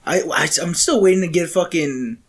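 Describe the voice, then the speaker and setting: A young man co-hosting a podcast in casual chat, throwing in quick reactions and laughing along. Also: fairly high pitch. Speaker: podcast co-host.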